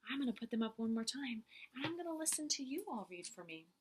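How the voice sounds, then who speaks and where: Animated woman teacher, slightly high voice, encouraging and breathy, for a children's reading lesson. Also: quick pace, noisy background. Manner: encouraging, praising children often.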